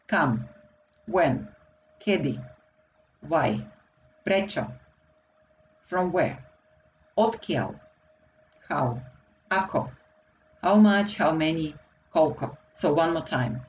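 A woman with a Slovak accent, a native Slovak speaker, teaching a slow and deliberate grammar lesson for beginners in English. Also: deep voice, a little mellow, dull audio, slight background noise. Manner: slow and deliberate, repeating words for learners. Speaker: language teacher.

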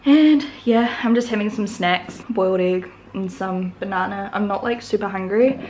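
A woman's voice: medium pitch, moderate pace, darkish tone, a little hiss or hum. A young woman with a New Zealand accent chatting casually to camera in a home vlog, full of "like" fillers. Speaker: vlogger.

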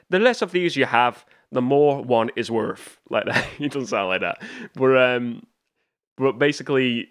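A man's voice: lowish voice, no room sound, studio quality. A man hosting a podcast, talking casually and eagerly about a film. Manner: chatty, enthusiastic, many restarts and fillers. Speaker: podcast host. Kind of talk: casual film review talk.

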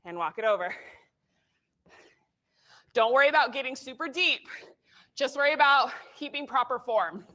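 A woman's voice: sits high, animated, normal speed, long pauses, bright, forceful tone. A young woman leading a live workout, cheering people on with whoops and short cues, audibly out of breath. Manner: upbeat, encouraging cues with whoops. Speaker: fitness instructor.

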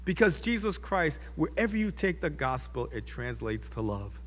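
High, lively preaching man in echoing hall. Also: normal speed. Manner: impassioned preaching with sudden loud rises. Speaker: pastor. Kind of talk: sermon. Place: church.

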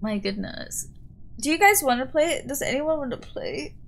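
A woman live streaming as she plays a game, chatting casually with viewers, excitable and giggly, squealing when startled. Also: high-pitched, moderate pace, gravelly.

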